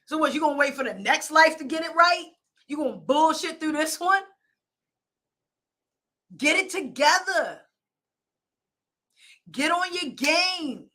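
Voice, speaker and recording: Bright, high-voiced woman coaching hard. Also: expressive, measured pace, long pauses. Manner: emphatic, repetitive, blunt and demanding. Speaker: life coach and show host. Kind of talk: motivational pep talk. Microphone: phone or camera, streaming live.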